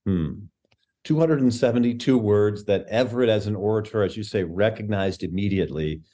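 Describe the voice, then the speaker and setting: A man's voice: on the low side, a little fast, mellow. A man hosting a podcast interview, prompting his guest with a hesitant manner and many "um"s. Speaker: podcast host.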